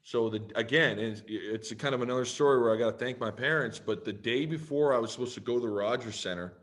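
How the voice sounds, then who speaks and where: A man tells a long personal story on a podcast. His delivery is animated and loose, with frequent swearing. He acts out both sides of each conversation as he goes. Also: mid-range voice, quick pace. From Canada. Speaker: podcast guest, pro football player. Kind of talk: casual storytelling.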